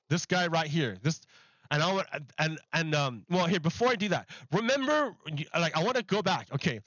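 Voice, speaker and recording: A man's voice: fairly high pitch, fairly bright tone, no echo, dull audio. A man hosting a stream, giving profane, sarcastic, heated commentary on clips. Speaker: streamer host. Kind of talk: ranting commentary over clips.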